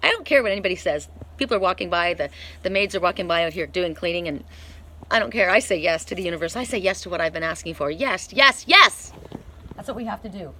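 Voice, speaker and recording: A woman's voice: on the low side, fast, slight background noise. Earnest woman reading oracle cards outdoors. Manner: earnest, emphatic and encouraging, with bursts of excitement. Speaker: oracle card reader. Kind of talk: outdoor tarot-style card reading. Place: outdoors in the cold by an inn.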